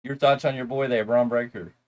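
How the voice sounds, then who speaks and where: A man's voice: mid-range voice, fairly even intonation, brisk. Casual man recapping wrestling. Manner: rambling, loose asides and mocking imitations. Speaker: wrestling show reviewer, co-host.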